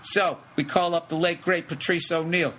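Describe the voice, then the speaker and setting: A middle-aged man hosting a podcast, telling a rambling comic story with lots of swearing in quick animated bursts. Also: fairly high pitch, low-quality recording. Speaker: podcast host. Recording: faint background noise.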